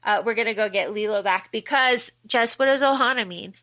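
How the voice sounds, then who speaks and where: A woman's voice: fairly high pitch, fairly quick. A woman co-hosting a podcast, animatedly recapping a film in casual chat and acting out quotes. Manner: animated, acts out quotes in funny voices. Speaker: podcast co-host.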